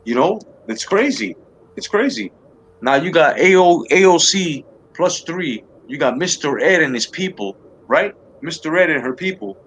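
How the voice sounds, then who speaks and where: A man's voice: a little high, lively intonation, moderate pace, a bit bright, slight background noise. Profane, ranting male talk host. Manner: profane, heated, repeats himself and restarts often. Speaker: livestream talk show host. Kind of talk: heated political rant to a live chat.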